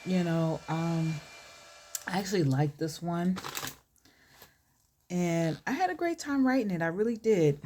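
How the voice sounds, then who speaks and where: A woman vlogger reading her own short story aloud in a relaxed way while doing her makeup, chuckling and stopping to comment on it. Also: lowish voice, a little slow, pauses often, slight background noise. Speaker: vlogger and author.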